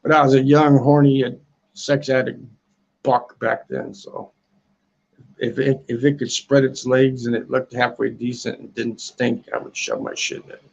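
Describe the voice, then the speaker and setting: A man's voice: mid-range voice, level tone, measured pace, creaky, a little mellow, lo-fi sound. A man in his sixties from the United States, rambling crudely on a casual livestream, tacking "man" onto his lines, outdoors on a balcony. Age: 60s. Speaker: livestream host.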